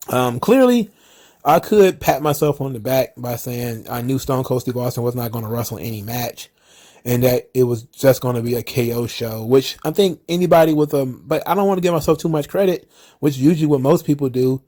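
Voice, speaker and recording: A man's voice: mid-range voice, dark tone. A man hosting a casual solo wrestling commentary show, ranting sarcastically and cursing often.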